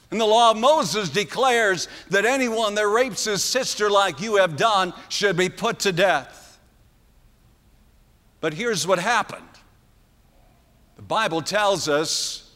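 A man preaching a sermon, retelling a story earnestly with dramatic pauses. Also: high voice, sharp tone. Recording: long hall reverb.

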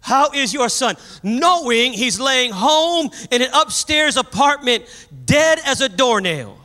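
High-voiced animated preacher in a hall. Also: male voice. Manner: animated storytelling preacher, shouts at peaks. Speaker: pastor. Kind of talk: sermon. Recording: long hall reverb.

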